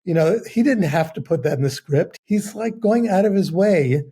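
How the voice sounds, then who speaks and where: Male panelist: mellow and husky, wry and questioning, a bit high-pitched. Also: lively intonation, normal speed. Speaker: podcast panelist, writer. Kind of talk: casual film discussion.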